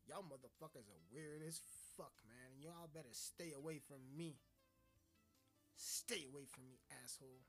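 A man's voice: medium pitch, moderate pace, a bit bright. A man hosting a stream and delivering a crude, swearing, mock-offensive comedic rant. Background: faint music.

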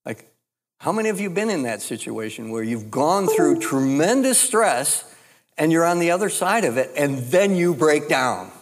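A man preaching a sermon as pastor, speaking in a measured, deliberate way with frequent restarts. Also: a little high, big pitch swings. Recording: long hall reverb.

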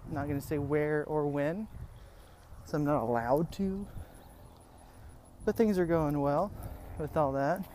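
A winded young man talks while walking a track outside, his voice sitting a little high for a man. He rambles in a tired, low-energy way with sighs, and faint outdoor noise and wind run under the recording. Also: a little slow, long pauses, a little mellow. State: out of breath. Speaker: podcast host. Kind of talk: casual update monologue. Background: wind and outdoor sounds.

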